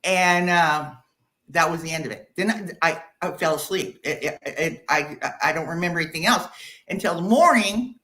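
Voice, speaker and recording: A middle-aged woman guest telling a personal ghost story in casual chat, animated and quick to laugh. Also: poor audio. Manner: animated, laughs often, drops low for quoted voices. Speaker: guest caller.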